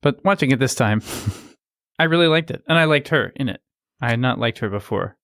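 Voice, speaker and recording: A man's voice: mid-range voice, animated, a little fast, fairly bright tone, dry recording. A man with a mid-range voice shares blunt, candid opinions on a casual movie podcast. He speaks plainly about what he liked and disliked. The recording is dry and close. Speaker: podcast co-host. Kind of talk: casual film discussion.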